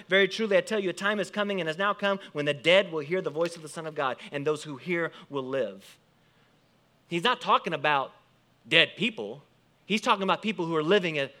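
A male pastor preaching to his congregation with a bright, forceful tone and a slightly high voice. He moves between quiet, close remarks and strong emphatic lines as he quotes and explains scripture. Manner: animated preaching, rising and falling emphasis, quoting scripture. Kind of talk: sermon.

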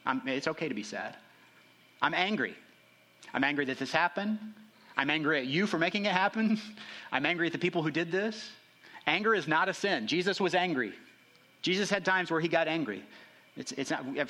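A man preaching a sermon as a pastor, conversational and checking in with the congregation, rising for emphasis and dropping low for asides. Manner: conversational, frequent "right?" check-ins; rises in pitch and intensity for emphasis, drops low and quiet for asides.

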